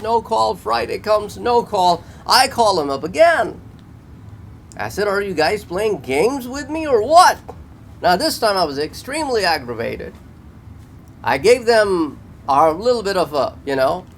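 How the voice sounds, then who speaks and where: A man's voice: sits high, gravelly, fairly bright tone, slight background noise, poor audio. A man telling a complaint story to camera in a vlog, exasperated and repetitive in short clipped phrases. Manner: exasperated, retelling phone calls in his own words. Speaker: vlogger reviewing a product.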